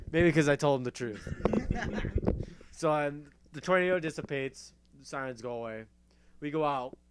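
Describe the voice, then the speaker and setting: A man hosting a casual talk show, telling a story in an animated, profane way and laughing often. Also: mid-range voice, smooth. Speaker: host.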